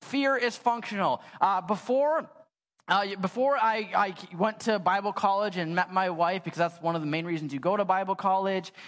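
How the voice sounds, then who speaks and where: A man's voice: high voice, moderate pace. A young adult man preaching a sermon in a church. He tells stories casually and with animation, using lots of "like," and his voice has a long church reverb. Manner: casual, animated storytelling with many "like" fillers. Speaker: pastor. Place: church sanctuary.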